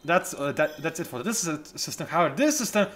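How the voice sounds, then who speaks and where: A man casually commentating a strategy game he is playing, animated and self-mocking, with bursts of excitement. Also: a little high, fairly quick. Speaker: let's play host.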